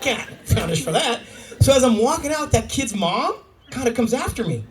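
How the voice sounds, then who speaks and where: A middle-aged man with a very high-pitched, very animated voice tells stories at normal speed in a stand-up set, acting out the lines of the people in them. He's on a comedy club stage before a live audience, captured by an audience recording from across the room, so he sounds far from the mic against a loud, laughing crowd.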